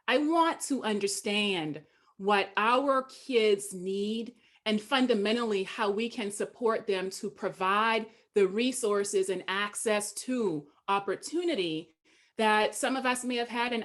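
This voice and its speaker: A woman's voice: mid-range voice, unhurried, fairly bright tone. Earnest Southern woman dean. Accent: Southern American. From Charleston, South Carolina. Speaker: dean of a school of education. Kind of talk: panel discussion.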